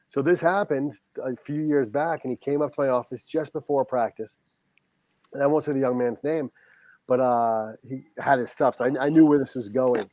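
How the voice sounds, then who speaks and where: A middle-aged man, a high school football coach, telling a heartfelt story as a podcast guest and acting out the dialogue. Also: moderate pace, a little mellow, no echo. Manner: earnest, heartfelt, reenacts dialogue.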